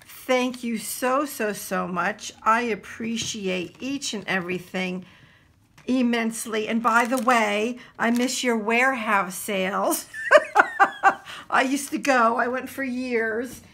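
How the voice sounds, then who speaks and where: A woman from New Jersey talks to her camera about a package of craft supplies, unhurried and full of exclamations. Her voice sits a little high and sounds bright. She scatters fillers through her chatty, gushing talk. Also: vocal fry, a little hiss or hum. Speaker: craft vlogger. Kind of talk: casual unboxing chat.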